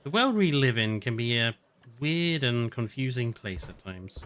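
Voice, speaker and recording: Bright-voiced sarcastic man streaming. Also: mid-range voice, big pitch swings, a little slow. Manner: chatty, sarcastic, laughs often. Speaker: game streamer. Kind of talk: casual live-stream commentary.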